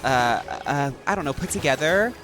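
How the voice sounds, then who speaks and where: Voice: medium pitch, brisk, over music. A young adult streamer chatting casually and rambling with lots of fillers while gaming.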